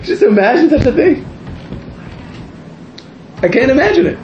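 A man, a rabbi, giving an animated, rambling sermon to a live audience, interrupting himself and rising to near-shouts. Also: extremely high pitch, normal speed, a little hiss or hum. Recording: echoey room, muffled sound.

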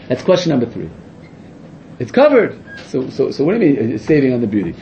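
Animated, excitable male Torah teacher. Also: medium pitch, fairly quick, pauses often, dull audio, slight background noise. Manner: excitable, rhetorical questions, frequent self-corrections. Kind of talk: animated classroom Torah lesson.

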